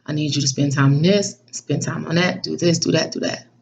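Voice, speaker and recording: God as a calm, firm voice of loving instruction, put on by a woman. It is low-pitched and hushed, and the recording sounds muffled and dull. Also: a little fast, vocal fry. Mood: firm, instructive.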